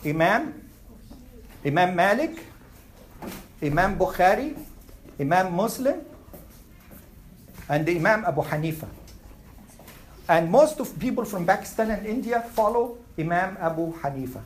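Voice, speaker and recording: A man's voice: sits high, sing-song, measured pace, pauses often, slight background noise, low-quality recording. A man teaching a religious class in a conversational way, often putting questions to the room and repeating them. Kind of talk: classroom lecture.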